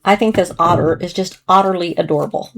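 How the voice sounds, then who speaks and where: A slightly hoarse woman chatting gently through a casual crafting tutorial as she works with her hands, now and then clearing her throat. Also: lowish voice, steady tone, quick pace. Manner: chatty, gentle, talks while working with hands. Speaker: card-making demonstrator.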